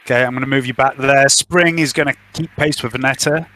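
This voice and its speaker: A man's voice: mid-range voice, fairly even intonation, pushed and bright, slight background noise. A man running a tabletop role-playing game, jokey and teasing with his players. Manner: jokey, teasing, quick to laugh. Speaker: game master. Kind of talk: casual tabletop game narration.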